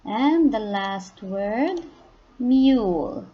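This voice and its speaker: A woman teaching a phonics lesson to young children, speaking patiently and stressing each target word loudly. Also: a little high, animated, extremely slow, lo-fi sound. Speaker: kindergarten English teacher.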